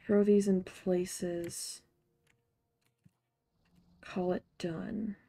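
A woman's voice: on the low side, level tone, drawn-out words, mellow. A woman streamer giving casual, rambling gameplay commentary with a chatty, self-mocking way of talking.

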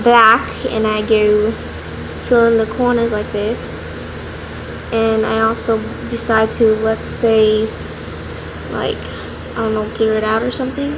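A young woman with a fairly high voice chats her way through a casual drawing tutorial, giggling and cutting herself off mid-sentence. She is recorded on a phone, and a steady hiss of noise sits under her voice. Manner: giggly, rambling, self-interrupting. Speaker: vlogger.

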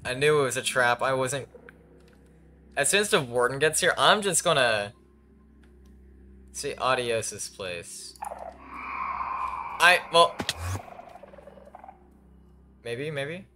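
A man's voice: mid-range voice, lively intonation, unhurried, pauses often, bright, forceful tone, slight background noise. A young man commentating his own game, talking to himself and his viewers and yelping when startled. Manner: jumpy, talks to himself and viewers, yelps when scared. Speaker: gaming YouTuber. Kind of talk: Minecraft let's play commentary.

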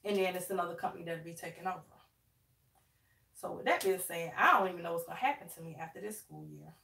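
A woman's voice: on the low side, quick pace, gravelly, a bit bright, slight background noise. Chatty woman livestreaming in an echoey room. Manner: chatty, addresses viewers as y'all, dialect grammar. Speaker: livestream host. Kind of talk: casual live chat while doing her hair. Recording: echoey room, mic at a distance.

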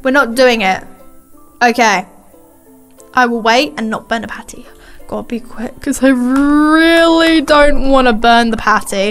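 High-pitched woman gaming host. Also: a little slow, over music. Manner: dramatic, emotional, exclaiming. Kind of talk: gaming commentary.

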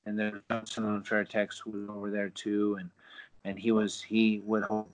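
A middle-aged former pro fighter, appearing as a podcast guest, tells a story in a casual, animated way, acting out quotes and filling his speech with fillers. His voice is fairly low and monotone at a normal speed, and the recording sounds dull and lo-fi.

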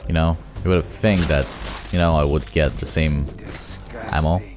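A young man giving excitable, profane let's play commentary, taunting enemies as he plays. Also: extremely low pitch, moderate pace. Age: young adult. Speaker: gaming channel host. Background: game music.

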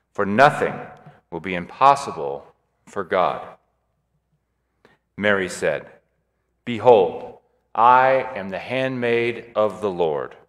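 A man reading the gospel aloud in a slow, measured way in a large church. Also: lowish voice, fairly bright tone. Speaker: gospel reader. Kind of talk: liturgical reading. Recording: long church reverb.

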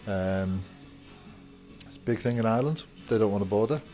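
A low-voiced man talks casually to camera from inside a shop with its door open. He is upbeat and rambling as he greets viewers, with soft music playing faintly behind him. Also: moderate pace. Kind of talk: casual vlog chat to camera.

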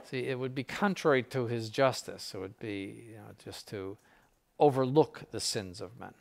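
Earnest bishop giving an informal lecture. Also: male voice, medium pitch, normal speed, creaky. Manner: conversational, acts out quotes and examples; earnest, emphatic teaching. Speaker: bishop teaching clergy.

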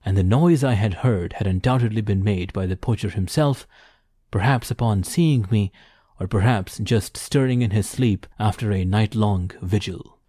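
Measured, dark-voiced male narrator. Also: lowish voice, no echo, clean studio sound. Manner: measured, formal storytelling. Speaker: audiobook narrator. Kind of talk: scripted narration.

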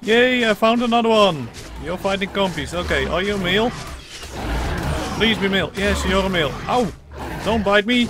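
A young man hosting a let's play, talking excitedly over his gameplay with strings of repeated words, bursts of laughter, and playful lines as the mother creature he controls. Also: high voice, moderate pace, noisy background. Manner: playfully role-plays as the mother creature in the game. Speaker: gaming channel host.

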